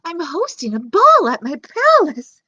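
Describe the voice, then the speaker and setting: Woman doing a chirpy high princess. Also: wildly swooping pitch, measured pace, bright, forceful tone, no room sound, heavily acted. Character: bright high-pitched young princess.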